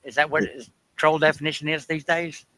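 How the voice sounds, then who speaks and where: A man argues on a voice chat in a bright, forceful voice pitched a little high. He is combative and sarcastic, swearing as he pushes. The sound is dry and close, with no room around it. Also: fairly even intonation, fairly quick, no echo, poor audio. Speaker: participant in a voice chat argument. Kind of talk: heated voice chat argument.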